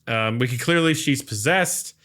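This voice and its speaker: A man's voice: mid-range voice, moderate pace, sharp tone. A man hosting a podcast, casually retelling a film's plot in a rambling way with plenty of fillers. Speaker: podcast host. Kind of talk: casual movie recap.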